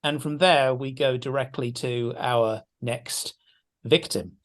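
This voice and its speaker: A man talks through a film in a relaxed podcast conversation, his voice sitting at an ordinary middle pitch. He thinks aloud, hesitates often and restarts his sentences before building his point. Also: slow pace. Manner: thoughtful, hesitant, many restarts. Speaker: film scholar guest. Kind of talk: casual podcast discussion.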